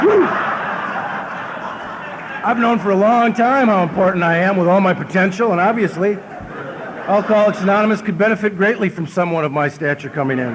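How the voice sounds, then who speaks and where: A man with an Upper Midwest American accent giving a humorous recovery talk from a convention stage, telling stories in a deadpan, self-mocking way and acting out what people said. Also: sits high, fairly quick, pauses often, noisy background. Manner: storytelling, deadpan self-mocking, acts out quotes. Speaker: speaker at an AA convention.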